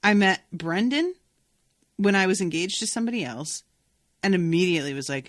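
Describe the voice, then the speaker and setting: Chatty, low-pitched woman podcast host. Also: a little fast, no room sound, studio quality. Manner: chatty, swears freely, animated storytelling. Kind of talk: casual book-discussion podcast.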